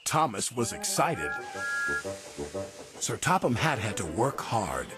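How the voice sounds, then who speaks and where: A man narrating a children's storybook in an expressive, animated way. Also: lowish voice, slow. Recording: narration over background music.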